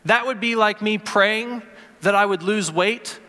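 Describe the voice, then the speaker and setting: A man in his thirties preaching a sermon, telling a story in a self-deprecating way with halting restarts, in a church sanctuary. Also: high voice, sharp tone, in a large hall. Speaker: pastor.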